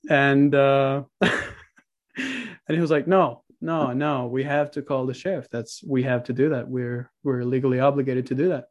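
A man's voice: mid-range voice, measured pace. A young man from Norway, telling a story as a podcast guest in a laid-back way, swearing and laughing a lot. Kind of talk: casual storytelling.

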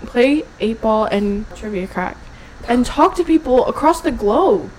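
A woman's voice: on the high side, lively intonation, a little slow, darkish tone, slight background noise, rough recording. Giggly young New Orleans woman. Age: 20s. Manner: giggly, playful, jokey. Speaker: podcast co-host. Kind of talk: casual chat.

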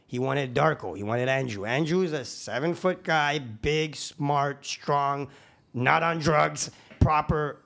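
A man who is a guest on a podcast, telling casual stories in quick run-on sentences that are animated, slangy and full of swearing. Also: a little high, vocal fry. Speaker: podcast guest, construction crew founder. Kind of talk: casual storytelling.

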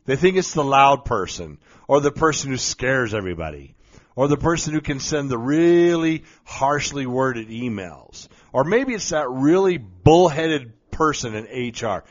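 A man's voice: medium pitch, expressive, a little slow. A man telling a story as a motivational speaker, blunt and emphatic, with some mild cursing. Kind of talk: storytelling monologue. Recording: slightly dull lo-fi recording.

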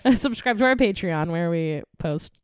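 Chatty and giggly, this young woman co-hosts a true crime podcast, trading casual talk with her friend before reading through a murder case from her notes, laughing often. She has a fairly low voice with lively intonation and a moderate pace, plus a little hiss or hum.

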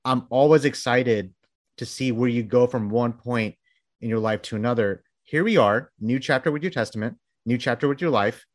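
A man hosts a podcast with eager enthusiasm, stringing together long, winding questions for his guest. His pitch sits in an ordinary middle range, and the recording is dry and close. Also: moderate pace, dry recording. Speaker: podcast host. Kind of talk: casual interview chat.

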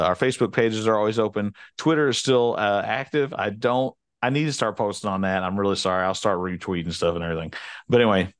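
A man's voice: fairly low pitch, no echo, studio quality. A man co-hosting a casual podcast, joking around and playing innocent when teased. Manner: jokey, playfully defensive. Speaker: podcast co-host. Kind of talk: casual chat.

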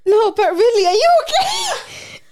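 Very high, giggly young woman. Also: big pitch swings, a little slow, a little mellow. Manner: giggly, shocked reactions. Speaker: podcast co-host. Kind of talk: casual chat.

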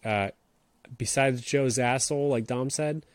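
A man's voice: medium pitch, a little slow, no room sound. Man as a foul-mouthed quiz player, mid voice, dry and close. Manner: cursing, loose and jokey. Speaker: quiz contestant. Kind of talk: casual chat.

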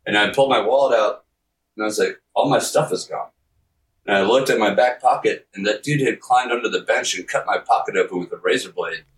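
A man's voice: on the low side, fast, fairly bright tone, echoey room, recorded from a distance, slight background noise, low-quality recording. A man on a podcast telling a rambling, profane story, laughing often and acting out the quotes. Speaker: podcast guest. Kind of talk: casual storytelling.

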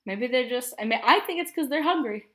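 A young woman hosts a casual movie podcast with a fairly high voice. She rambles along in easy chat and breaks into laughter often. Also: lively intonation, a little fast, bright, forceful tone. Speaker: podcast host.

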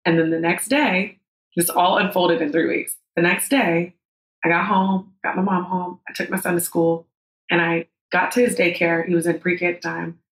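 A woman's voice: lowish voice, fairly even intonation, moderate pace. A woman in her thirties telling a personal story as a podcast guest, candid and emotional, with frank swearing. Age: 30s. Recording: roomy echo.

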